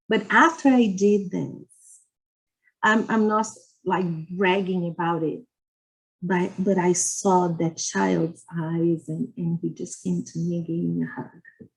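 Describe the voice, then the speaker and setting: A woman giving an earnest religious lecture as a guest speaker. She tells personal stories in short, gentle phrases. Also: lowish voice, fairly even intonation, slow, gravelly, low-quality recording. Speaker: guest speaker at a spiritist society.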